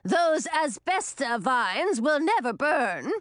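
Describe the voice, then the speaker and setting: Gleeful taunting older witch, read by a woman, pitched a bit high. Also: very animated, slow, fairly bright tone, dry recording, studio quality, heavily acted.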